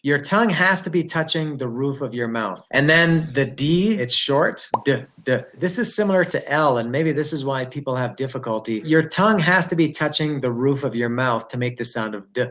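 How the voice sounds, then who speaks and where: A man teaching English pronunciation, explaining sounds slowly and repeating each one. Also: medium pitch, animated, a bit bright, lo-fi sound. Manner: patient, demonstrates sounds slowly and repeats them.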